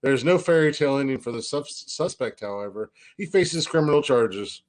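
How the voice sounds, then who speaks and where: A man's voice: medium pitch, lively intonation, normal speed. A man co-hosting a comedy podcast, reading odd news headlines aloud with profane asides and frequent laughter. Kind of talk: crude comedic podcast banter.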